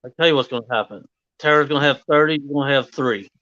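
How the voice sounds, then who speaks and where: A man's voice: mid-range voice, fast, bright, forceful tone, no room sound, highs cut off. A man calling in to a fishing livestream and trash-talking the host playfully. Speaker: caller on the livestream.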